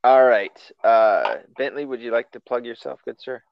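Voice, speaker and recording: A man's voice: mid-range voice, normal speed, creaky, no room sound, muffled recording. A man hosting a casual podcast chat, loose and profane, laughing often. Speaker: podcast host.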